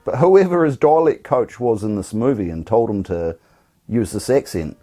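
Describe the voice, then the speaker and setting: Sarcastic New commentary host. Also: male voice, on the low side, lively intonation, normal speed, dark tone, soft background music. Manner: sarcastic, irreverent. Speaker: YouTube host. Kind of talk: comedic film commentary.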